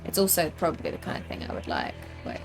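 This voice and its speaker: A woman's voice: sits low, wildly swooping pitch, fast, creaky, music in the background. A young British woman streaming a game, chatting casually and rambling with lots of fillers. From United Kingdom. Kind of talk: casual gaming chat.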